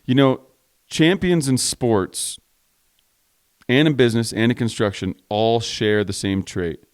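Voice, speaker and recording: A man hosting a podcast for contractors, giving a blunt, emphatic motivational talk, stacking repeated phrases and swearing freely. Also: on the low side. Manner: drives points home with repeated parallel phrases. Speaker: podcast host and contractor coach. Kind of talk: motivational monologue.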